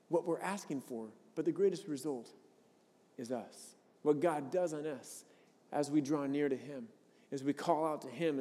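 A man preaching a sermon in a conversational, earnest way, often stumbling over and repeating a word as he restarts. His voice sits a bit high for a man but sounds mellow and warm. The sound carries a long reverb, as in a large church hall. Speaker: pastor. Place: church sanctuary.

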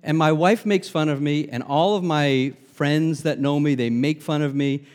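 A middle-aged male pastor from Long Island, New York, preaches with a slightly raised voice that rings out in a long hall echo. He punches key words hard, then drops to quiet asides and adds light humor. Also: on the high side, moderate pace. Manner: emphatic preaching that swings between loud stresses and soft asides, with humor. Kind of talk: sermon.

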